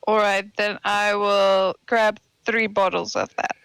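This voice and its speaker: A tabletop game player talking slowly in a bright, gravelly voice. The sound is dry and close. The talk is loose and teasing, with frequent laughs. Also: mid-range voice, level tone, dry recording, rough recording. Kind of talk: casual tabletop game chat.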